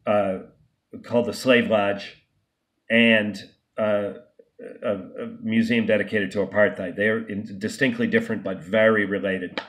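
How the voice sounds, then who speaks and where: Low-voiced man, indignant vlog monologue. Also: level tone, measured pace. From United States. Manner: emphatic, indignant, with frequent restarts and stumbles. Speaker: vlogger. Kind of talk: unscripted monologue to camera.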